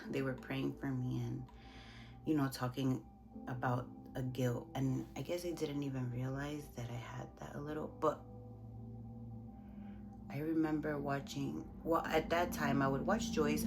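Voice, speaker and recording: A young woman vlogger in a casual get-ready-with-me chat, talking in a soft, halting, emotional way with many restarts. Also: very deep voice, creaky. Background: background music.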